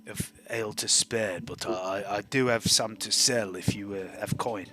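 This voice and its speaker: A man's voice: fairly low pitch, fairly even intonation, moderate pace, sharp tone, soft background music, pitched below the performer's own voice. A man voicing a meek, apologetic traveller who sells ale, stammering and hesitant as he talks. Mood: timid. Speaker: non-player character.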